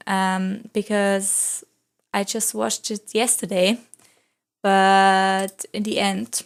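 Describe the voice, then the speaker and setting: A woman's voice: medium pitch, vocal fry. A young woman, a non-native English speaker, chatting casually in a rambling voice-over, full of "like" fillers as she tells stories. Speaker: vlogger.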